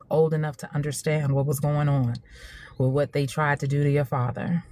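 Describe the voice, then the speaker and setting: Woman, forties, lowish voice, emphatic casual monologue with laughs. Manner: animated, laughing, emphatic repetition. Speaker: social media host.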